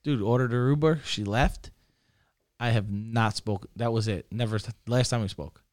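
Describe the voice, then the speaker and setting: A man's voice: medium pitch, moderate pace, darkish tone, no echo, studio quality. A man on a podcast telling a long crude story, rambling and profane. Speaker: podcast co-host.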